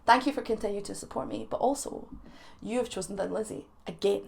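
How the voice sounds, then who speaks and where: A young Scottish woman chatting straight to her viewers in a playful, teasing way. She laughs easily and breaks into quick asides. Her voice sits in a middle pitch. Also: gravelly, dark tone. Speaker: YouTube reaction host. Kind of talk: chatty vlog to camera.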